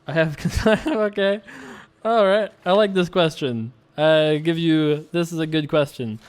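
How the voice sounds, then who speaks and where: A man's voice: fairly high pitch, a little slow, smooth. Chatty young man rambling over poker. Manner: rambling, chatty, self-correcting; reads viewer questions aloud. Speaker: online poker vlogger. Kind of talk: casual commentary while playing.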